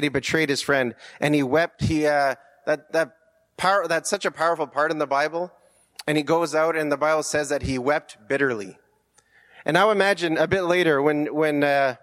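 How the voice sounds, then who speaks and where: A man's voice: on the high side, normal speed, a bit bright. A man preaching a conversational sermon, earnest, with rhetorical questions and frequent restarts.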